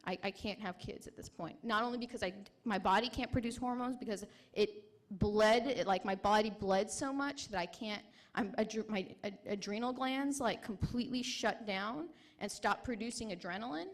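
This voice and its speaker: A young adult woman, a military veteran, giving a personal testimony at a conference in an emotional, halting way with many restarts. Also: mid-range voice.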